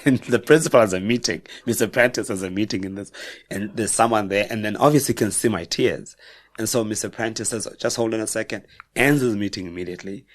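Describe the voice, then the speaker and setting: A middle-aged South African man with a South African accent, a guest on a podcast, telling personal stories in a reflective, halting way with frequent self-corrections. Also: on the low side, no echo. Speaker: guest author. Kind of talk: personal storytelling in a podcast interview.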